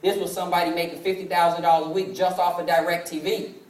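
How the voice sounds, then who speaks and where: A man's voice: high-pitched, flat delivery, fast, a little hiss or hum. A man in his twenties giving a motivational business presentation, telling stories and acting out family dialogue. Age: 20s. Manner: storytelling that acts out family dialogue. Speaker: sales presenter. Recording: echoey hall from far off, faint ambience.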